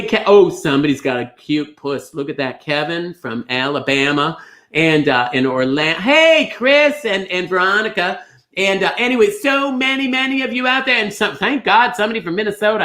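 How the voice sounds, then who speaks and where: A man's voice: high-pitched, pushed and bright. A man playing a fussy, gushing middle-aged lady entertainer, rambling chattily as a livestream bingo host and greeting viewers by name. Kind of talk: chatty livestream hosting in character.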